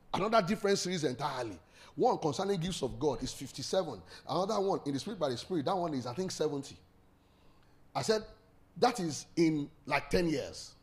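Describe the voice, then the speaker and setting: A man preaching a sermon, leading call-and-response and laughing often. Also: fairly high pitch.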